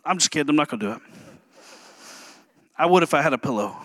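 A man pastor preaching a sermon in a lively, humorous way, joking with the congregation between points. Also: on the high side, fast, no room sound.

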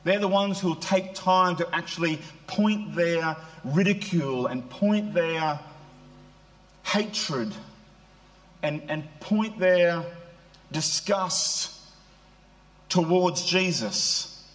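A man's voice: fairly high pitch, extremely slow, pauses often. A middle-aged man preaching a sermon in a conversational way, often putting rhetorical questions to his listeners.

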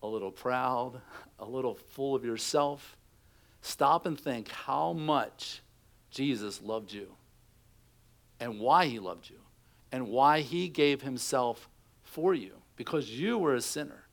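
A man's voice: medium pitch, slow, creaky. A middle-aged man preaching a sermon, telling stories and acting out quotes in a conversational way. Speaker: pastor.

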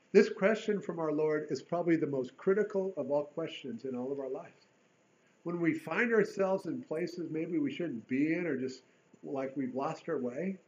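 Man preaching, earnest, fairly high voice, emphatic bursts and hushed drops, dull lo-fi sound. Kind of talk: sermon.

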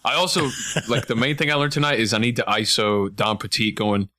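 A man hosting a casual podcast, talking in a bright, forceful voice that sits a little low. He rambles and jokes between topics, with sarcastic asides. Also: a little fast. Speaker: podcast host.

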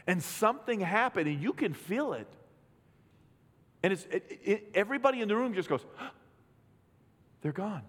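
A man's voice: high-pitched, lively intonation, moderate pace, fairly bright tone. A middle-aged man, a pastor telling personal stories in a conversational sermon, acting out gasps and quotes. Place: church sanctuary. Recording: long hall reverb.

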